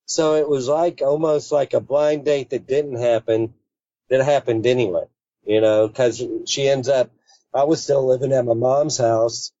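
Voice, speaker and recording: Mellow-voiced man telling a story. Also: medium pitch, steady tone, measured pace, no room sound. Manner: rambling, full of fillers and restarts. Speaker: interview guest. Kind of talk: casual storytelling. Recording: dull lo-fi sound.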